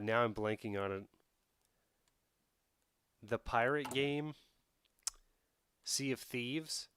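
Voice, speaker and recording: A man with a medium-pitched, slightly bright voice streams a strategy game. He thinks out loud and chats casually with his viewers as he plays.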